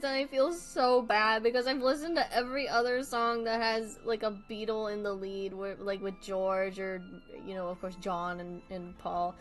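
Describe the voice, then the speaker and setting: A woman's voice: a little high, poor audio. A woman livestreaming as she draws, chatting casually with her viewers, laughing often, swearing casually and apologizing with a self-deprecating tone. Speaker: livestreamer drawing for chat.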